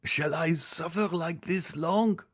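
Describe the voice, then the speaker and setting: A man voicing a dying old male servant in agony, with gasping, drawn-out cries in an audiobook reading. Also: fairly high pitch, pitched above the performer's own voice. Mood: agonized. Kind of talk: audiobook character voice.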